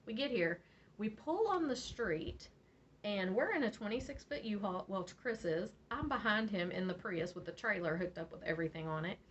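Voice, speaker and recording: A woman's voice: mid-range voice, moderate pace. A woman from Virginia, telling a story casually as a vlog host and laughing often. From West Virginia. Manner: animated, laughs often, acts out quotes. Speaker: beading channel host. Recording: slightly dull audio, faint noise.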